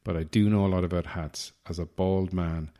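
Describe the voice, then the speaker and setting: A man's voice: low voice, steady tone, moderate pace, mellow. An Irish man hosting a podcast, delivering a rambling, self-deprecating comic monologue with a wry manner. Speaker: podcast host.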